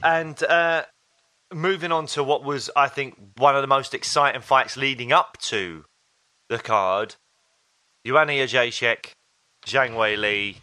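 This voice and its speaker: Bright-voiced man chatting on a podcast. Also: medium pitch, measured pace, clear, resonant tone, no echo. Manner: relaxed storyteller, acts out quotes. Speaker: podcast co-host. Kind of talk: casual chat.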